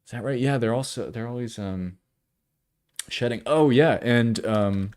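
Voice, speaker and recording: A man in his thirties thinking aloud while drawing on a live stream, halting and unsure, trailing off often, with dry self-mocking humor. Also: mid-range voice, darkish tone, clean tone, dry recording. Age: 30s. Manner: wry self-deprecating humor.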